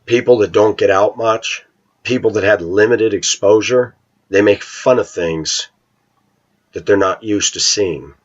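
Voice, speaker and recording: A man's voice: lowish voice, measured pace. A middle-aged man talking to his viewers in a rambling, opinionated monologue. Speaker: vlogger. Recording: dull lo-fi recording.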